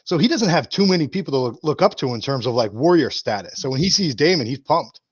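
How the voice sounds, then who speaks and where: A man's voice: fairly high pitch, expressive, fast, husky, no echo. A man chatting casually and enthusiastically on a live stream. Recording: slightly dull audio.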